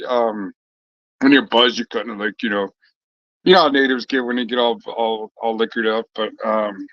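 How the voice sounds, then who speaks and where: A man's voice: mid-range voice, steady tone, moderate pace, no echo, dull audio. A man chatting casually with his viewers in a loose, rambling way, swearing freely and trailing off into fillers and restarts.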